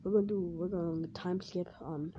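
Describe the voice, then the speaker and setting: A woman's voice: on the low side, fairly even intonation, moderate pace. A woman telling a fan story in a rambling, casual way, full of "like" and restarts. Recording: dull lo-fi with faint hiss.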